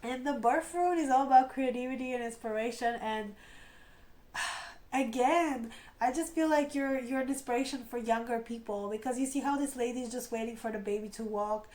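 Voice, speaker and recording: A woman chats through a tarot reading, talking straight to her viewers and cheering them on. Her voice sits fairly high, yet she speaks in a lowered tone with a light vocal fry. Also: normal speed, a little mellow, poor audio. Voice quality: lower tone than usual, slight vocal fry. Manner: chatty, encouraging, speaks to viewers directly. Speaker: tarot reader. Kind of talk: casual spoken tarot reading.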